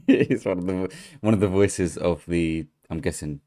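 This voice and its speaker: A tipsy man with a hoarse voice hosting a casual podcast chat, rambling and stumbling over his words. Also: low voice, a little slow, mellow. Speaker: podcast host.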